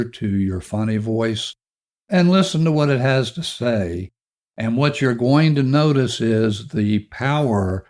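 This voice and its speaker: Slow, calm man guiding a self-help exercise. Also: medium pitch. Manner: slow, calm, instructive, speaking directly to the listener. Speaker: podcast host.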